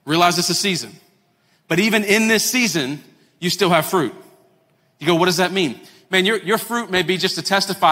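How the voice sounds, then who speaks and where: A pastor delivering a lively sermon to his congregation, acting out quoted voices and repeating words as he builds his points. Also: high voice, normal speed. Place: church sanctuary. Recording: long hall reverb, faint music.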